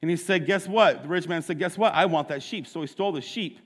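A man's voice: high voice, fast, a bit bright, in a large hall. A man preaching a sermon, retelling a story casually with asides to his listeners. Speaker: pastor.

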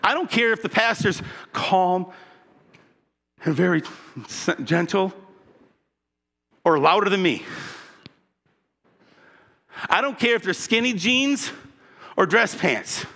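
A man's voice: high voice, lively intonation, slow, gravelly, long pauses, sharp tone. A male pastor preaching an impassioned, emphatic sermon and calling for responses from his congregation. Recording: long reverb of a large hall.

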